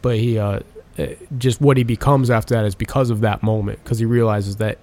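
A man's voice: fairly low pitch, fairly quick. Man rambling through a profane retelling. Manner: animated retelling of film scenes. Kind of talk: casual chat.

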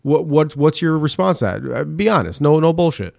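A man's voice: on the high side, animated, fairly quick, vocal fry, darkish tone, no echo. Guy hosting a podcast chat, cusses a lot, trips over his words, dry close sound. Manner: profane, poses hypotheticals, stammers on restarts. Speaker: podcast host. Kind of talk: casual group chat.

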